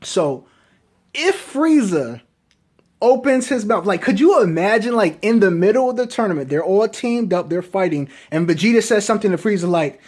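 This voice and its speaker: A man giving casual fan commentary, talking excitedly and asking rhetorical questions over and over. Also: high-pitched, moderate pace. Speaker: anime reviewer.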